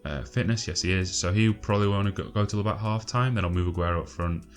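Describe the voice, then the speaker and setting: A man giving casual gameplay commentary, chatty and exasperated, swearing often and filling pauses with ums. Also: sits low, faint music behind. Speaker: gaming channel host.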